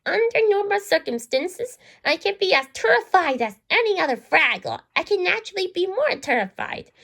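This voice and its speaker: A woman's voice: very high-pitched, sing-song, moderate pace, vocal fry, fairly bright tone, pitched above the performer's own voice, exaggerated voice. Boober, a woman reading as a grumpy Fraggle. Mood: grumbling. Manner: grumbling, stumbling over words. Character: gloomy, fretful male Fraggle, grumpy worrier.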